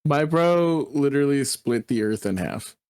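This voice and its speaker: A man's voice: mid-range voice, animated, measured pace, darkish tone, clear, resonant tone, dry recording. A young man chatting casually about anime, enthusiastic and slangy, with frequent restarts. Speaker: anime reviewer. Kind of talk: casual podcast chat.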